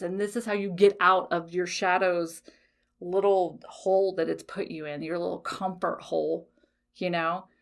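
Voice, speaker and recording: A woman's voice: on the low side, fairly bright tone. A woman hosting a podcast, talking bluntly and emphatically, swearing freely and checking in with "okay?". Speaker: podcast host. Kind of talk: casual motivational podcast talk.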